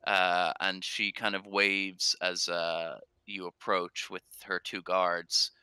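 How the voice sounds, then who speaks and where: Deep-voiced male game master. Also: flat delivery, takes it slowly, pushed and bright, smooth, dry recording. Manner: hesitant, many fillers. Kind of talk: narrating a tabletop game.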